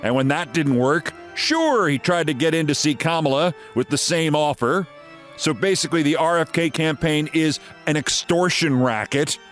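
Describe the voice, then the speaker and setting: A man's voice: normal speed, a bit bright, faint music behind. Sardonic older male commentary host. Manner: sarcastic, theatrical, emphatic delivery with big pitch swings. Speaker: host of a political commentary show.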